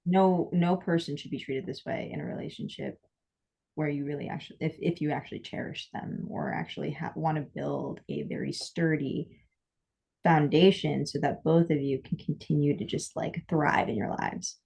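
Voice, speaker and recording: A woman co-hosting a podcast in a casual, heartfelt chat. Her voice sits on the low side, and she talks candidly, doubling back on her words and acting out what she once said. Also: normal speed, vocal fry, darkish tone, husky, highs cut off. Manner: candid, rambling with frequent restarts and quoted asides. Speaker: podcast co-host.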